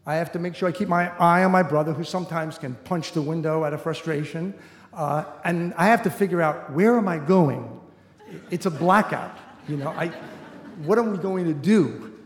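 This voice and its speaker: A man's voice: a little high, moderate pace. A middle-aged man telling a personal story on stage, in an easy conversational way full of "you know" asides. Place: stage in a large hall before an audience. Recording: roomy hall reverb.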